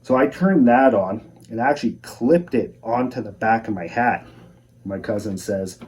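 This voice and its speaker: A young man calmly telling his own outdoor encounter story in a measured, plain-spoken way. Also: fairly low pitch. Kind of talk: first-person encounter storytelling. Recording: voice a bit far from the mic.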